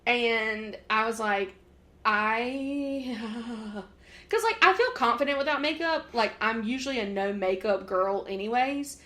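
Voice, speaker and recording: A woman's voice: fairly high pitch, expressive, normal speed, few pauses, pushed and bright. Chatty woman podcast host. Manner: chatty, laughs often, lots of "like". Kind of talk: casual chat.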